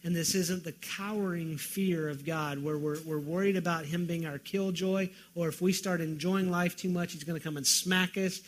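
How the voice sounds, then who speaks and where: Guy preaching a sermon, kinda high voice, gets fired up then goes quiet and earnest. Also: steady tone, normal speed, few pauses, a little hiss or hum. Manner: impassioned, swings from loud pleading to quiet emphasis. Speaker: pastor.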